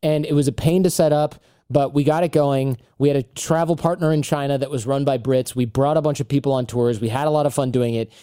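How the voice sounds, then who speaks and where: Man, podcast guest, casual storytelling, mellow tone, dry close recording. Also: mid-range voice, quick pace, clear, resonant tone, dry recording. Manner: animated storyteller who acts out quotes. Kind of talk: casual interview chat.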